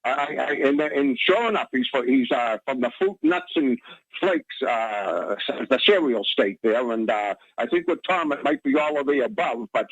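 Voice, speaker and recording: A man's voice: medium pitch, sing-song, moderate pace, vocal fry, a bit bright, slightly rough, dry recording. A male caller on a radio show who rambles, stammers and keeps restarting his sentences. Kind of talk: call-in radio rant. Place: Boston area. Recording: muffled lo-fi phone line.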